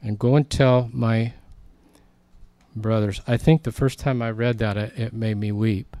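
A man's voice: on the low side, fairly even intonation, unhurried, dark tone, clean tone, no echo. A man preaching a sermon in a conversational, storytelling way, acting out quoted lines.

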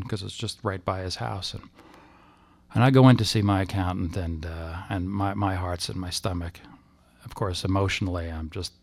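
A man recounting a personal experience as testimony, halting and emotional, with frequent restarts. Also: low voice, creaky, a little mellow, slightly rough, no echo. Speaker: storyteller.

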